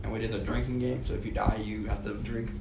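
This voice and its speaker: A young man co-hosting a podcast, blunt and crude, with loud outbursts in prank-call banter. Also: lowish voice, level tone, fast, reverberant, background noise. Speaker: podcast co-host.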